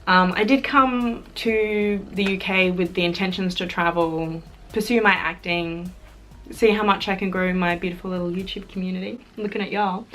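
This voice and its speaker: A woman's voice: fairly low pitch, fairly even intonation, normal speed, a bit bright. A young Australian woman chatting casually to camera in a vlog, bubbly and chatty with fillers and giggles. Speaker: YouTuber.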